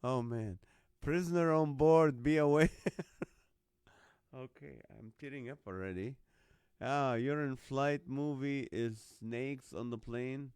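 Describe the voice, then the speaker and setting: A man's voice: mid-range voice, takes it slowly, darkish tone, smooth, no echo, studio quality. A man hosting a live stream, reading out viewers' jokes and laughing often between lines. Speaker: host.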